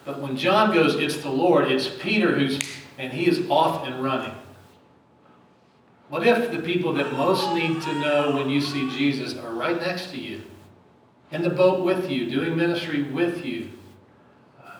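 A man's voice: on the high side, measured pace, a little hiss or hum. A man preaching a sermon in a church sanctuary, talking conversationally and asking the congregation questions. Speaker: pastor. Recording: very echoey, distant mic.

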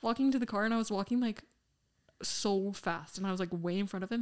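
A woman's voice: medium pitch, fast. A young woman co-hosting a podcast, telling a personal story in casual chat, full of fillers. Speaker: podcast co-host.

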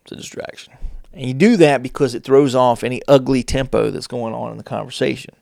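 A man hosting a casual advice talk, with deliberate pauses and playful shifts of tone. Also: mid-range voice, vocal fry, darkish tone, no echo, clean studio sound. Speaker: host.

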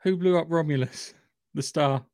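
A man's voice: fairly high pitch, moderate pace, a little mellow, no room sound, studio quality. A man co-hosting a podcast in casual chat, eagerly working out theories aloud. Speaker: podcast co-host.

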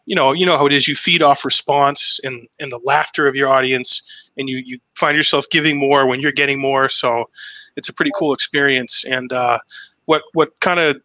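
A man's voice: medium pitch, pushed and bright, no room sound, rough recording. A man in his thirties from Massachusetts with no regional accent, telling chatty, profane stories in a casual podcast conversation. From Massachusetts, USA. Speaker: impressionist guest.

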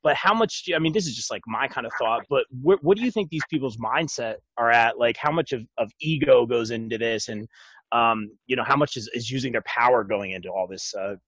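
A man's voice: medium pitch, a little fast, fairly bright tone, breathy edge, no echo, muffled recording. A man hosting an interview, asking loose, meandering questions filled with hesitations. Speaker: interview host. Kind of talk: casual interview talk.

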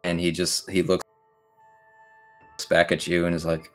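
A man runs a tabletop game with a casual, rambling narration. His voice is very low and relaxed, with faint music underneath. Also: a little slow, pauses often. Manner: casual, filler-heavy, laughing narration. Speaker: game master.

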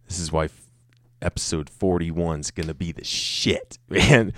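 A Colorado man in his thirties hosts a casual solo podcast, rambling in a very low, slightly bright voice at a measured pace while poking fun at himself and swearing freely. He records in a room set up with a camera and light, and the audio is close and dry with no echo.

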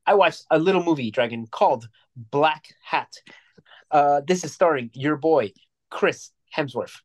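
A man's voice: fairly high pitch, a little slow. Rambling, jokey male podcast co-host. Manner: rambling, jokey, restarts often. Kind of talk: casual movie review chat.

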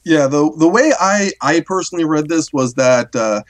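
A man in casual conversation, recapping a story with many pauses, fillers and restarts. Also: on the high side, animated. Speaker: podcast co-host discussing a story. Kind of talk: casual chat.

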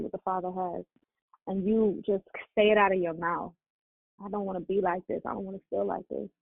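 A woman's voice: medium pitch, dry recording. A woman hosting a prayer call, preaching with fervent encouragement. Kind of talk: preaching and exhortation. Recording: dry, tinny phone line.

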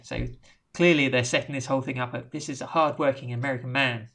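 A man's voice: medium pitch, fairly quick, fairly bright tone. A man hosting a casual podcast, retelling a film plot in a rambling, jokey way. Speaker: podcast host. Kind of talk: casual film recap chat.

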